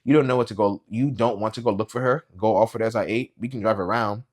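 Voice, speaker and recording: A man reading aloud, voicing a blunt, worried young adult sister who talks loud, fast and pushy, swearing often. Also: fairly low pitch, close to an everyday voice. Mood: agitated.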